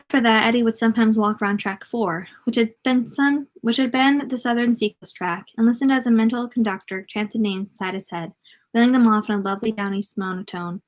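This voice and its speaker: A woman's voice: fairly high pitch, brisk. A woman reading a novel aloud in a casual way, often stumbling, correcting herself and adding joking asides.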